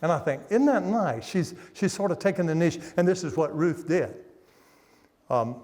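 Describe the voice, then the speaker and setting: Older preacher guy, folksy stories, bit high voiced, echoey church hall. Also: brisk, darkish tone. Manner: folksy storytelling with laughs. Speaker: guest preacher. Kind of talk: sermon. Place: church sanctuary.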